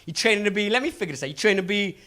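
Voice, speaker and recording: A man playing a brash shouting street hustler. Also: sits high, animated, very fast. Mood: cocky. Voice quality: loud, swaggering. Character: brash male New York mixtape hustler.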